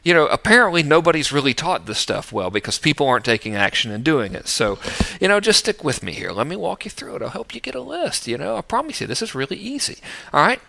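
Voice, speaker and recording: A man's voice: on the high side, big pitch swings, quick pace, creaky, bright, forceful tone. A middle-aged man teaching list building in a casual, jokey, self-mocking video talk.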